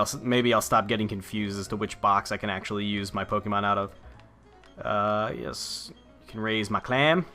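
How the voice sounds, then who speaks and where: A young man talks his way through a video game in a loose, rambling way, cursing offhandedly as he goes. His voice sits a little low yet sounds bright and forceful. Quiet music plays faintly underneath. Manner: rambling and offhand, swears casually. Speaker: let's play gamer. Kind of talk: casual gameplay commentary.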